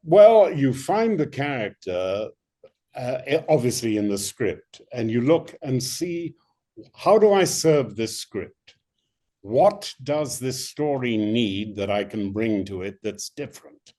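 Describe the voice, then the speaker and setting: Older man telling lively stories. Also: mid-range voice, slow pace. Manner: animated storyteller, many restarts. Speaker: actor guest. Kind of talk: interview anecdotes.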